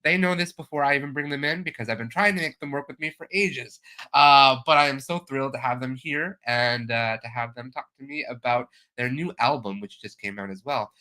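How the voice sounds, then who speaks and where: A man's voice: medium pitch, fairly quick, sharp tone. A man hosting a live stream chat show, talking in an enthusiastic, chatty way with plenty of fillers. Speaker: host.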